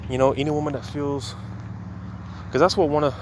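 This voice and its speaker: A man's voice: a little high, little pitch movement, brisk, background noise. A man giving a casual, conversational sermon, reading scripture and talking it over with many "man" and "you know" asides. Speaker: religious teacher.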